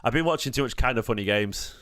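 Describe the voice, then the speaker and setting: A man with a Mancunian accent chats casually on a live stream, rambling and jokey with the odd swear. His voice is smooth and clear, and the recording is dry and close. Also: mid-range voice, lively intonation, fast talker, fairly bright tone, dry recording. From Manchester, England. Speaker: fan channel host.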